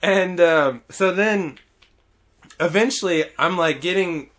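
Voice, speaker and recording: A man hosting a podcast, telling a story in casual chat, animated, laughing often and swearing freely. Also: high-pitched, takes it slowly.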